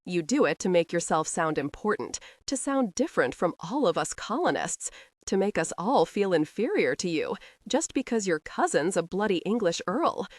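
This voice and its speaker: A woman voicing a defiant, sharp-tongued young tomboy in an audiobook. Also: fairly low pitch, sing-song, normal speed, no echo, clean studio sound. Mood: heated.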